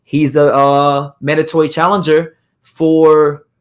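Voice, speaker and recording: A man with a slightly high voice, hoarse today, hosts a live boxing news stream. He talks loosely and casually, circling back on his words with lots of fillers and restarts as he runs through fight news. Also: little pitch movement, slow pace. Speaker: boxing podcast host.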